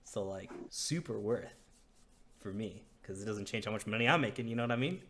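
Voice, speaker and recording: A man voicing a chummy, tip-hungry male orc cart driver who talks in casual slang, sometimes dropping to a hush. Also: fairly low pitch, a little fast. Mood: chatty. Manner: casual, slangy, hushed and conspiratorial.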